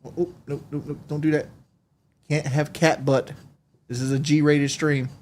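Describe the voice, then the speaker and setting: A man's voice: a little high, flat delivery, a little slow, darkish tone, a little hiss or hum. A man streaming a game, chatting casually in a rambling, profane way and often laughing. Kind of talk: casual livestream chat.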